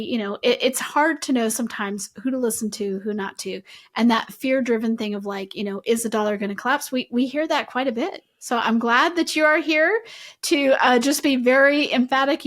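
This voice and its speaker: A woman's voice: a little high, normal speed. A woman hosting a podcast, talking in a friendly, casual way with hesitant fillers. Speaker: podcast host, editor.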